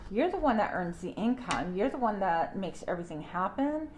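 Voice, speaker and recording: A middle-aged woman giving a casual tarot reading to her audience, chatty and animated, with playful asides. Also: mid-range voice, moderate pace. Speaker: tarot reader.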